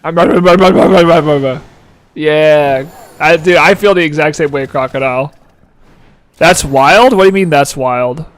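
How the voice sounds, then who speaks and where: A man's voice: fairly high pitch, slow pace. A man in his twenties streaming a game live, chatting casually, giggling and answering chat aloud. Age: 20s. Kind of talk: casual gameplay commentary.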